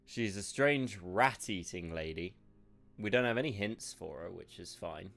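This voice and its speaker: Sweary streamer, sarcastic banter. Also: male voice, deep voice, lively intonation, a little slow, creaky, a bit bright. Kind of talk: live game streaming commentary.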